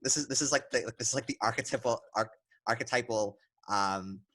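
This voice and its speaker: A man's voice: medium pitch, a little fast, sharp tone, slightly rough. Joking male podcast host, laughs often. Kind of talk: casual film discussion.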